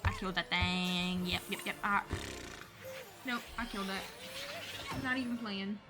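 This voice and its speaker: A woman's voice: mid-range voice, a little slow. A young woman hosting a gaming channel who rambles chattily through stories while she plays and laughs often. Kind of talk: casual chat over gameplay. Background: game music.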